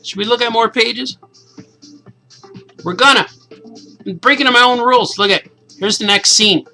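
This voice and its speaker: A man in his forties, a cartoonist, casually and excitedly reading his comic aloud to kids. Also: very high-pitched, normal speed, faint music behind, low-quality recording. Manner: enthusiastic, casual, says "man" a lot.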